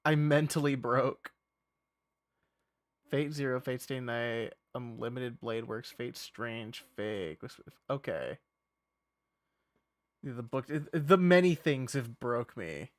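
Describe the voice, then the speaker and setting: A man's voice: medium pitch, takes it slowly, pauses often. A male streamer in casual livestream chat, rambling and profane, often breaking into laughter.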